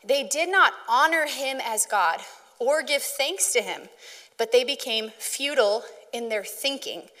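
Woman giving a sermon, talks like she's chatting w the crowd, slightly high voice. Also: lively intonation, a little slow, sharp tone, long reverb tail. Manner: conversational, storytelling, asks the audience questions. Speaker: preacher.

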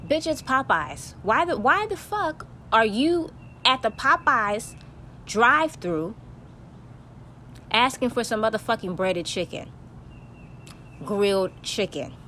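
A woman's voice: fairly high pitch, expressive, takes it slowly, pauses often, pushed and bright, slight background noise. A young woman hosting a podcast, ranting bluntly and profanely in a casual monologue. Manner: profane, blunt, heated storytelling. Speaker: podcast host.

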